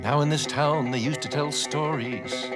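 A man telling a folk tale with animated delivery, sound effects and sudden shouts. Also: fairly high pitch, unhurried. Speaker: storyteller. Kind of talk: folk storytelling with banjo. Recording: banjo music under the voice.

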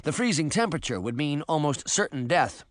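A man narrating an audiobook in an expressive storytelling manner. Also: on the high side, brisk, no room sound, clean studio sound. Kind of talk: scripted narration.

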